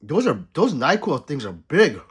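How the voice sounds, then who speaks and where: A man's voice: fairly high pitch, big pitch swings, a little slow, husky. A man livestreaming casually, reading his chat aloud and joking back at viewers.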